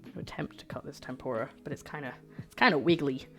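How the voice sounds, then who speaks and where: This woman's voice is extremely low yet fairly bright in tone, and she talks fast with faint music behind her. Living in Scotland, she cooks on a livestream, chatting casually with her chat and joking self-deprecatingly.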